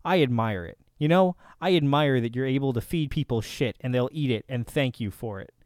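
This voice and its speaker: A man ranting in a sarcastic, combative reaction commentary, swinging from loud outbursts to low mutters. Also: a little fast, no room sound, studio quality. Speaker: reaction video host.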